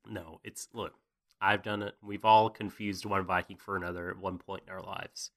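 A man's voice: deep voice, level tone, moderate pace, a bit bright. A man co-hosting a casual anime recap, jokey, profane and rambling. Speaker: podcast co-host.

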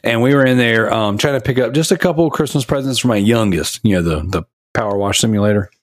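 A man's voice: medium pitch, fast, no room sound, clean studio sound. A man in his thirties hosting a podcast, telling funny stories in casual chat with a lot of laughter. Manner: animated, laughing storyteller. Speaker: podcast host.

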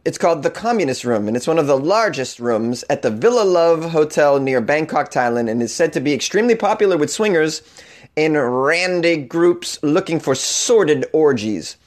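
A man's voice: on the high side, animated, moderate pace. Sarcastic man with a Boston accent. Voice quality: sarcastic, mock-outraged, laughs at own jokes. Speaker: comedian podcast host. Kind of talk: comedic news commentary.

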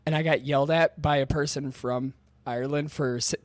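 A man from Michigan with a fairly high voice chats casually on a podcast. The recording is dry, and he swears often and jokes at his own expense. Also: steady tone, a little fast, no room sound. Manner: swears, self-deprecating. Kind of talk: casual chat.

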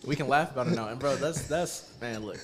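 A man's voice: mid-range voice, brisk. A man co-hosting a podcast, talking earnestly and laughing as he tells stories. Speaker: podcast co-host. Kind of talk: casual chat.

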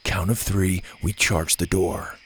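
A composed young camper from a storybook who speaks low and short, unruffled by danger, as a man reading aloud voices him. The tone stays level with a gravelly texture. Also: a little slow, a little hiss or hum, exaggerated voice. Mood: calm. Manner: low, calm and clipped. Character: calm, steady boy camper Gavin.

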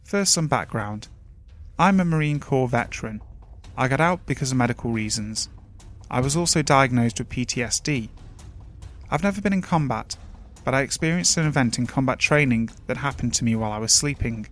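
A man reading submitted scary stories aloud in slow, measured scripted narration. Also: mid-range voice, lively intonation, a bit bright. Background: faint music.

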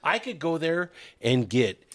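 A man's voice: fairly high pitch, big pitch swings, measured pace. Emphatic male podcast co-host. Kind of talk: casual chat.

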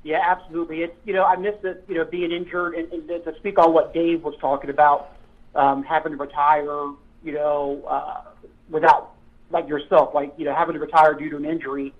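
A man, a retired police officer, telling old stories in a halting, rambling way with many fillers. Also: fairly high pitch, level tone. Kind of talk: casual chat. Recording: tinny phone line.

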